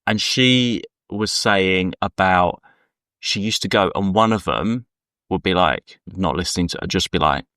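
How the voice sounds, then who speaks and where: A deep-voiced man speaks at a moderate pace with a pushed, bright delivery. As a podcast co-host in casual conversation, he drifts through anecdotes and voices the people he quotes, recorded in clean studio sound with no room sound.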